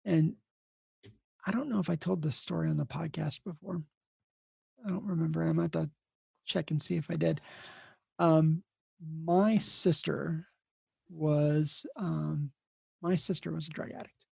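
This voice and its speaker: Gravelly, husky-voiced man telling stories. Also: a little high, steady tone, a little slow, long pauses, mellow, no room sound. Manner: rambling anecdotes acted out with quoted dialogue, blunt. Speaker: emergency nurse and podcast host, here the guest. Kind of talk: casual storytelling interview.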